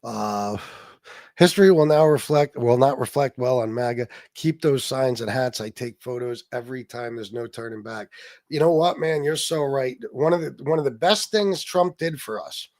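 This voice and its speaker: A man's voice: mid-range voice, normal speed, a little mellow. A middle-aged man hosting a political livestream, ranting angrily and sarcastically with plenty of swearing while answering his chat. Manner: angry, profane, sarcastic, talks to chat. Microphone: streaming mic.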